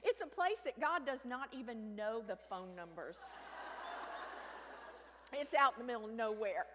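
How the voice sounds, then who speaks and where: Woman, comic storytelling, high and lively, hall reverb, faint ambience. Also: normal speed, background noise. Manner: animated, shifts into loud shrieks and hushed asides.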